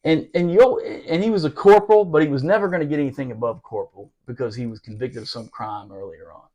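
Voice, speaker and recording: A man's voice: medium pitch, fast, mellow. A man telling a rowdy, profane story about his Marine days, laughing as he goes. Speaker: podcast storyteller, former Marine. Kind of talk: casual storytelling.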